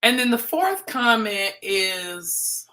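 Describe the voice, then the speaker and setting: A woman's voice: mid-range voice, sing-song, takes it slowly, sharp tone. A woman hosting a livestream, giving chatty, playful commentary on a reality show and teasing as she goes. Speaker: livestream host.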